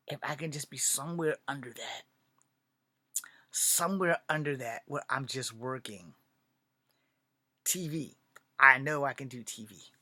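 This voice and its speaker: A man's voice: a little high, dry recording. A man from Virginia telling a long personal story in a casual monologue, swearing often and acting out other people's lines. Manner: profane, animated, acts out quoted dialogue. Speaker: aspiring filmmaker telling his story.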